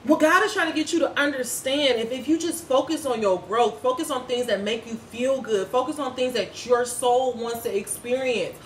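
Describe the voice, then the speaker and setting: A woman's voice: high-pitched, normal speed, few pauses, slight background noise. Woman spiritual reader, vlog style, profane and preachy, echoey room with faint ambience behind. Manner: blunt, profane, preachy ranting. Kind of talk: casual spiritual reading vlog.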